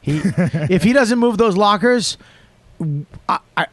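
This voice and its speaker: A male podcast host talking loosely in a studio, his voice pitched a little high and recorded very dry and close. He stumbles over his words, curses freely and fires off sudden punchy bursts. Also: lively intonation, unhurried, no echo. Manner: stammering, swearing, punchy bursts. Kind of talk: casual chat.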